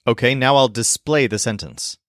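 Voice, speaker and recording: A man teaching in a language lesson video, explaining clearly and modeling sounds slowly. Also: medium pitch, fairly bright tone, no room sound, studio quality. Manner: clear, demonstrative, slows to model pronunciation.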